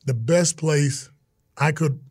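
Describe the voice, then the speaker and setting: A man's voice: on the high side, takes it slowly, a little mellow, slightly rough, dry recording, clean studio sound. A middle-aged man, a former pro football player, telling stories in a casual interview and acting out the voices of people he quotes. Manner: earnest storytelling, acts out quoted voices.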